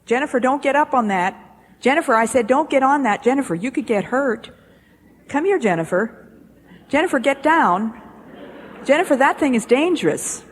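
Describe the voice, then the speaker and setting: A woman's voice: expressive, normal speed. A woman voicing an exasperated young mother who keeps pleading with her toddler, recorded in an echoey hall with faint hiss. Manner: pleading, repetitive, shrill.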